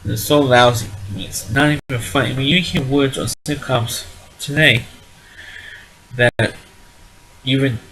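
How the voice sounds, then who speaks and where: A man at an ordinary middle pitch rambles through a casual review of a sitcom. He is blunt and dismissive, repeats himself and keeps restarting his sentences as he goes. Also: a little slow, pauses often, low-quality recording. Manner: rambling, repetitive, restarts often.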